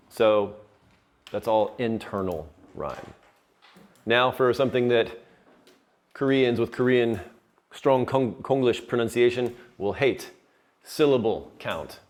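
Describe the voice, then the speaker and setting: A man's voice: medium pitch, a little mellow. A male teacher giving a lesson on poetry terms, patiently explaining and checking in with his students.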